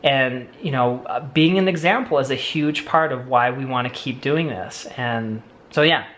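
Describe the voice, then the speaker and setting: A young co-host of a family vlog talks at a moderate pace in a medium-pitched, fairly bright male voice. Answering questions casually, he chats with enthusiasm, rambling through asides, fillers and restarts.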